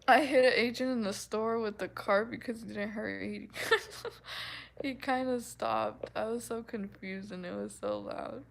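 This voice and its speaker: Giggly slow-talking woman with gravelly voice. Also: a little high, poor audio. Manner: giggly, laughs often, acts out quotes. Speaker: livestream host chatting with viewers. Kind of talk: casual chat.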